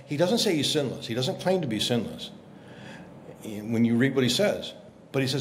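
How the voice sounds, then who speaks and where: A man, a guest journalist, explaining scripture in a lively conversational way, acting out quotes as he tells the story. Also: medium pitch, moderate pace, a little hiss or hum. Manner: animated storyteller, acts out quotes. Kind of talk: conversational Bible teaching.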